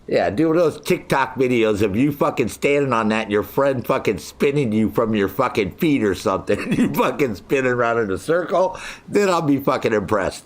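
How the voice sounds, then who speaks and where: A man's voice: medium pitch, animated, brisk. A man chatting casually with his viewers while streaming a game, swearing freely, joking around and laughing often. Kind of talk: casual livestream chat.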